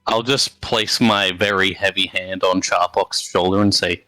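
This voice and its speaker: A man's voice: sits low, fairly even intonation, unhurried, few pauses, pushed and bright, dry recording, faint music behind, rough recording. A man with an Australian accent playing a tabletop game, speaking solemnly. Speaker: player.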